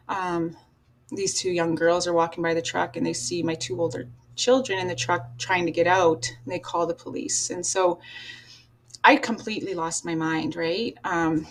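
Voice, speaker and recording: A woman, a podcast guest, telling her life story candidly, bluntly and with swearing, acting out old conversations. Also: fairly low pitch. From Canada. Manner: blunt and profane, acts out past dialogue, laughs at herself.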